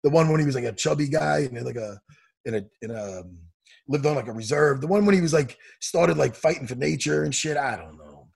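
A man, animated and profane, chatting casually on a video call and laughing often. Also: mid-range voice, brisk, vocal fry, breathy edge. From Long Island, New York. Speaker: podcast co-host. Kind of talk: casual chat.

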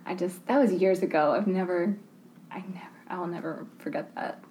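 A woman's voice: fairly low pitch, normal speed, mellow, slight background noise. Chatty woman teacher telling a story. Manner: chatty, laughs into her stories. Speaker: kindergarten teacher and podcast co-host. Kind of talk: casual chat, storytelling.

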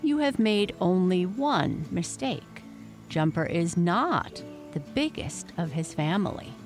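A woman's voice: lowish voice, very animated, takes it slowly, a little mellow, soft background music, heavily acted. A woman voicing a wise, kindly old female nature teacher who asks patient questions. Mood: teaching.

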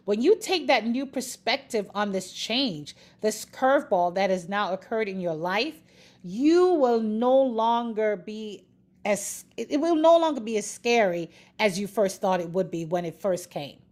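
A woman's voice: mid-range voice, unhurried. A woman giving a faith-based motivational talk, speaking straight to the listener, laughing often and repeating phrases for emphasis. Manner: expressive, laughs often, encouraging.

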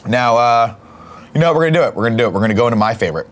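A man co-hosting a comedy podcast in casual chat, loud, excitable and full of swearing. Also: medium pitch, rapid-fire. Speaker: podcast co-host.

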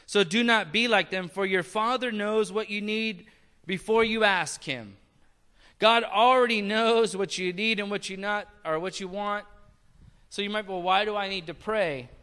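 A man with a high, unhurried voice that sounds pushed and bright, with a clear, resonant tone and the sound of a big room. He is a pastor preaching a sermon conversationally, asking the congregation questions and slipping in light jokes.

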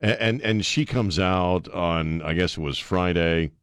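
A man hosting a radio talk show, mocking and opinionated in a sarcastic, animated way. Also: sits low, unhurried, clean tone, no room sound, studio quality.

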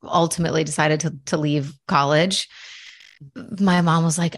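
A young woman hosts a podcast in relaxed chat, laughing easily and leaning on fillers. Her voice sits a little low. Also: a little slow, long pauses. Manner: laughing, chatty, uses many fillers. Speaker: podcast host. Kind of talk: casual interview chat.

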